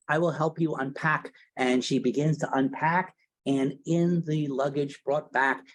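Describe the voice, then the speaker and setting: A man's voice: medium pitch, rough recording. Chatty, theatrical male history lecturer. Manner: chatty, theatrical, tag questions. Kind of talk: casual storytelling lecture.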